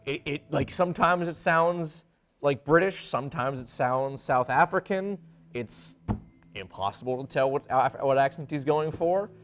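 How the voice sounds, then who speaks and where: A man's voice: fairly high pitch, moderate pace, soft background music. A man co-hosting a casual review chat, chatty and playing out characters' lines while recapping. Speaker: podcast co-host.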